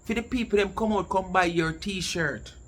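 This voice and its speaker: A man's voice: high voice, normal speed, a bit bright, a little hiss or hum. A man with a Jamaican accent scolding and mocking someone in casual online commentary. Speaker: commentary channel host.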